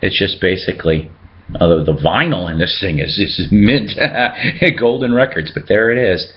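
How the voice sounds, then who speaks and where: A man's voice: sits low, normal speed, dull audio. A man hosting a casual show-and-tell video about his records, chatting and joking as he reads out the labels. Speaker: record collector host.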